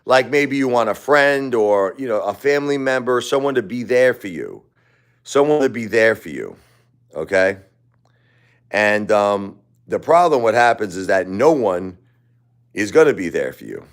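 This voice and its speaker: A grieving livestream host speaks unhurriedly in a lowish voice with big pitch swings. His talk is emotional and rambling, full of repeated phrases, with chuckles scattered between lines.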